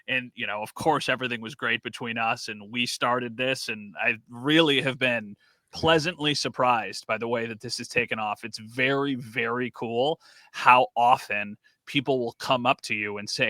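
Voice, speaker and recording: Bright-voiced man telling a story. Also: mid-range voice, normal speed, no echo. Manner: animated storyteller, acts out quotes. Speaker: podcast co-host and sports reporter. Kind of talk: casual podcast chat.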